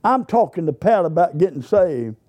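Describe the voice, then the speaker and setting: A man's voice: on the high side, sing-song, normal speed, warm tone, lo-fi sound. An older man, a Baptist preacher telling a story in a sermon and acting out both sides of the dialogue in a folksy way.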